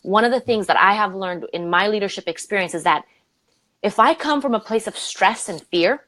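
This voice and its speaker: A woman's voice: normal speed, dry recording, poor audio. A woman originally from Romania, a leadership coach telling stories in an interview and acting out the voices of people she quotes. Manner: animated, acts out quoted voices with big pitch jumps. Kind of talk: conversational interview storytelling.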